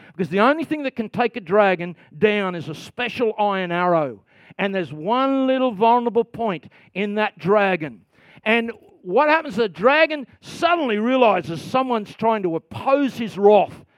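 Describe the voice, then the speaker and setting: Middle-aged male pastor, high-pitched, dry close sound, storytelling sermon with shifts from quiet to loud. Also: dry recording. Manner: storytelling, swings from quiet asides to loud bursts.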